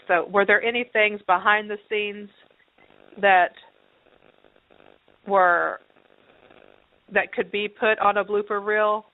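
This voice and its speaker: A woman co-hosting a show, asking a long, hesitant question full of fillers. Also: mid-range voice. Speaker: podcast co-host. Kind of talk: interview question. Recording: tinny phone line.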